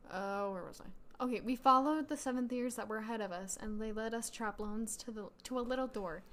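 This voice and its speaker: A woman's voice: fairly high pitch, fairly quick, a bit bright. Giggly woman reading aloud on a podcast. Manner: giggly, reacts with mock outrage. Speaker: podcast co-host. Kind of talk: casual chat, reading a story aloud.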